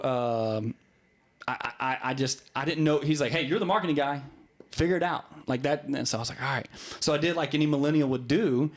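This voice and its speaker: A man who is a real estate broker, guest on a podcast, telling a story in casual chat. He talks with many restarts and acts out the voices of the people he quotes. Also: mid-range voice.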